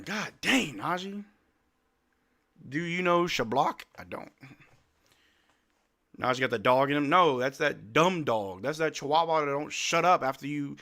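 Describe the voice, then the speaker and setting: A man hosting a live game watch-along, calling the plays in casual slang and shouting at the players. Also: fairly high pitch, vocal fry. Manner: animated, slangy, yells at players. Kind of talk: excited play-by-play fan commentary.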